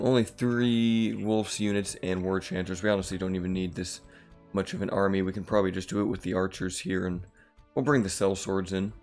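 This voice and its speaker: Low-voiced man narrating strategy gameplay. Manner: relaxed, rambling with fillers. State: slightly rough morning voice. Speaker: gaming channel host. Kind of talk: casual gameplay commentary.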